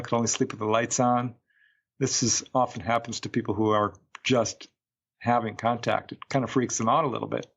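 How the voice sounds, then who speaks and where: A man's voice: medium pitch, highs cut off. A man, a UFO researcher, recounting a case as a guest in a podcast interview, a chatty storyteller who acts out quotes.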